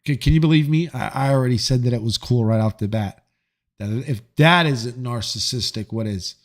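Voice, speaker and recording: Dude streaming, joking around and cussing with chat, animated, normal-pitched voice. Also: male voice, fairly quick. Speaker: livestream host reading chat. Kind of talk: casual live-stream chat.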